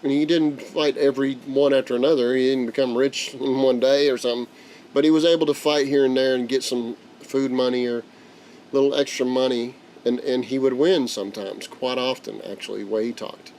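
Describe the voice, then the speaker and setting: A man's voice: mid-range voice, brisk, a little hiss or hum. A man, the host of a livestream, casually telling a story and acting out the voices of the people in it. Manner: animated, acts out quoted voices. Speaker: channel host.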